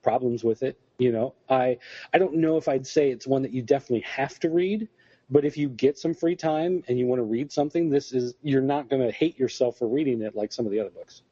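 Mellow-voiced man rambling about comics. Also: medium pitch, a little fast, husky, no echo, muffled recording. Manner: rambling, hesitant with fillers. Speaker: podcast co-host. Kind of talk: casual chat reviewing comics.

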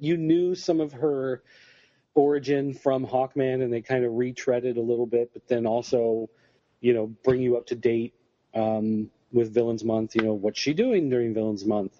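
This man co-hosts a podcast, talking casually and rambling through comic reviews with lots of filler words. His voice is mellow and medium-pitched, and the recording is muffled with no echo.

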